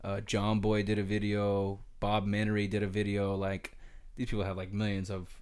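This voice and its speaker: Guy on a podcast telling a story, kinda low voice, rambles with lots of likes. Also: normal speed, smooth. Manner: rambling, animated storyteller, filler-heavy. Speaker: podcast co-host, retired pro baseball player.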